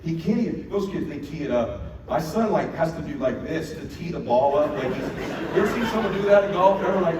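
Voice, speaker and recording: A middle-aged man giving a motivational keynote on stage, telling a story in an animated, profane way and acting out the dialogue. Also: a little high, a little fast, a loud crowd. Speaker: keynote speaker. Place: large event hall on stage. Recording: echoey hall from far off with noise.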